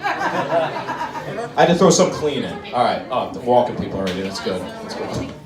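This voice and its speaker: A man doing live stand-up comedy in a comedy club, talking directly to the crowd in an animated way. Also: mid-range voice, normal speed. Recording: roomy club, distant mic, crowd laughter.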